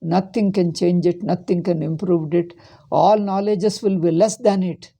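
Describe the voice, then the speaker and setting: A man's voice: sits high, fairly even intonation, a little slow, vocal fry, mellow. A man with an Indian accent giving a Vedanta lecture as a swami, emphatic and repeating his points with rhetorical questions. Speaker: swami teacher.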